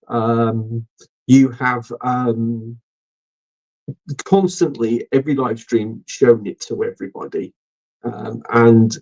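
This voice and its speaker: A man's voice: medium pitch, darkish tone. A middle-aged man hosting a casual live stream, rambling and swearing with lots of ums. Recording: dull lo-fi stream audio.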